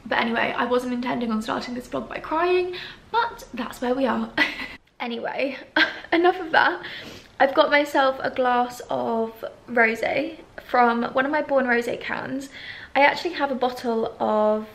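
A woman in her twenties, a lifestyle vlogger, chatting in a teary, gushing way at home in her flat. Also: sits high, a little slow. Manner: gushing, breathy and soft-spoken. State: teary, emotional. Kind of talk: tearful reflective vlog chat. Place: empty flat at home, indoors. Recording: echoey room, faint background hum.

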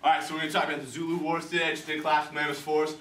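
A man's voice: on the high side, completely flat delivery, echoey room, recorded from a distance, background noise. A man in a comic sketch playing an army instructor, talking eagerly and mocking himself. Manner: quick, eager, self-mocking. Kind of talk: comedic role-play.

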